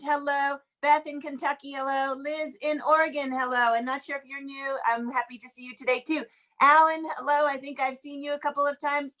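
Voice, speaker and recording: A woman with a notably high voice hosts a live sing-along over a video call. She chats warmly and casually, greeting one viewer after another by name. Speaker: host of an online sing-along. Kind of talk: casual welcoming chat. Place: home, in Washington DC.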